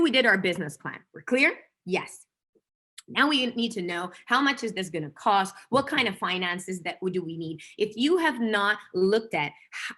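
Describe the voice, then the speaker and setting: A woman business coach giving an energetic motivational talk, emphatic and fond of repeating key phrases. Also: on the low side.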